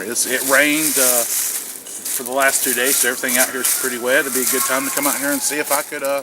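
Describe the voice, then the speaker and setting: A rambling man with a mid-range voice vlogs outdoors in wet woods as a prepper, delivering a casual, earnest monologue where he repeats words and restarts. He's from South Carolina, US. The camera audio is noisy, with outdoor ambience and a distant aircraft audible.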